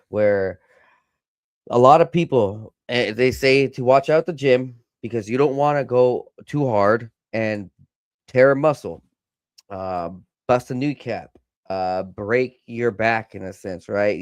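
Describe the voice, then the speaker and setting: A man hosting a podcast in a loose, rambling casual chat, pausing and restarting often. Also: on the low side, darkish tone, smooth, no echo. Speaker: podcast host.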